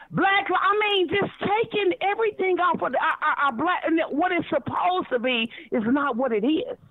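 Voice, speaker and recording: Woman caller, high voice, gushing and rambling, tinny phone-line sound. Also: no room sound. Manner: effusive, rambling, many ums and restarts. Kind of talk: excited phone call to a talk show.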